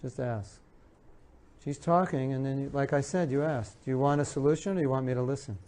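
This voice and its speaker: Male lecturer, mellow dark tone, earnest, repeats his points to the audience. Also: medium pitch, fairly even intonation, quick pace. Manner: earnest, repeats key phrases, acts out spouses' lines. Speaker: speaker giving a talk on marriage. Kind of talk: spiritual lecture with audience questions.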